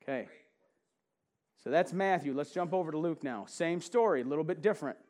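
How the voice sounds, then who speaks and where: High-voiced man preaching to a congregation. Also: a little mellow. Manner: conversational, asks the congregation questions, laughs often; reads scripture slowly with emphasis. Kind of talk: sermon with audience interaction. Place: church sanctuary with a congregation.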